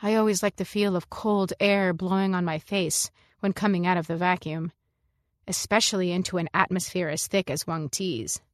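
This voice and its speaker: A woman narrating a science fiction story in the first person, in a measured, reflective way. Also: lowish voice, steady tone, no echo, clean studio sound. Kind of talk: scripted narration.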